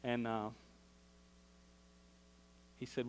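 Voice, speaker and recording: Southern male pastor, folksy sermon storyteller, average pitch, recorded with long church-hall reverb. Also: normal speed, slight background noise. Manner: folksy storytelling, acts out quoted voices.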